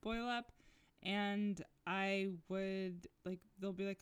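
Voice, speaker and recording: A woman's voice: mid-range voice, steady tone, slow, clear, resonant tone. A woman talking candidly in a casual conversation, rambling with many fillers. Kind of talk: casual chat.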